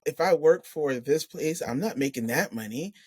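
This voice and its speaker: A woman's voice: deep voice, expressive, moderate pace, a little mellow, breathy edge, no echo, studio quality. A woman from New York, a physician hosting a podcast, chatting in an affirming, reflective way with her guest. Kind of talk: casual interview chat.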